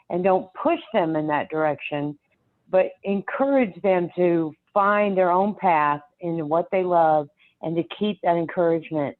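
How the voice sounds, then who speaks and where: An older woman, the host's mother, speaking earnestly and gently as a guest in a casual podcast chat. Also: fairly low pitch. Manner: earnest, gives gentle parenting advice. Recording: tinny phone line.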